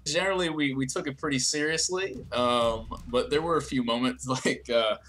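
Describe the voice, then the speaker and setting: A man's voice: mid-range voice, normal speed, slight background noise. A young man answering interview questions casually, telling stories with many fillers and restarts. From New Jersey, US. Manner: relaxed storytelling, frequent fillers and restarts. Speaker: interview guest, YouTube creator.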